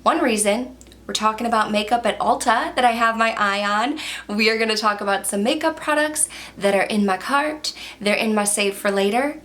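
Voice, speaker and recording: A woman's voice: mid-range voice, a bit bright. Bubbly woman chatting to camera. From Michigan, USA. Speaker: beauty YouTuber. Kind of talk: casual talking-head chat to camera.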